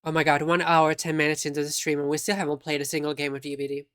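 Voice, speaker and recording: Streamer, mid pitch, easygoing chat with viewers, teasing. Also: little pitch movement, fast, fairly bright tone, smooth, dry recording, studio quality. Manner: chatty, teasing, reacting to chat. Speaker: live streamer.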